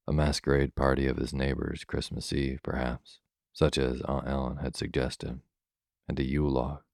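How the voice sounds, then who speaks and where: Very deep, flat-voiced man reading a bedtime story. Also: moderate pace, gravelly, no echo, studio quality. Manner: calm, even storybook reading for sleep. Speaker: narrator.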